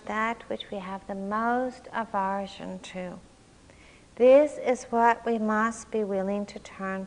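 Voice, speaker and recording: A woman meditation teacher giving a slow, reflective dharma talk with long pauses. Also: on the high side, sharp tone, in a large hall. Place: large meditation hall.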